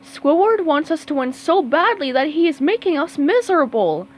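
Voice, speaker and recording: A woman's voice: sits high, very animated, moderate pace, pitched above the performer's own voice. A woman reading a storybook aloud, voicing a cheerful, encouraging female squirrel who reassures her team. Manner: upbeat and reassuring.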